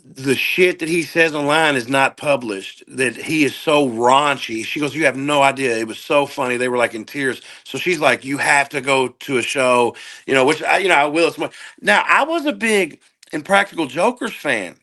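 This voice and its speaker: A man guesting on a podcast, telling profane, animated stories and doing quick impressions of people in casual chat. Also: mid-range voice. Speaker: guest comedian.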